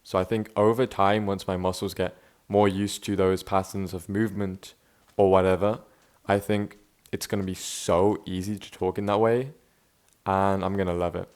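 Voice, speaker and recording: This is a young man in an unscripted vlog, speaking in a relaxed, self-reflective way. His voice sits a little low. He talks loosely and restarts his sentences often. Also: moderate pace. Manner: laid-back, self-reflective, says bro and man a lot, frequent restarts. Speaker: vlogger. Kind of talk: unscripted casual monologue.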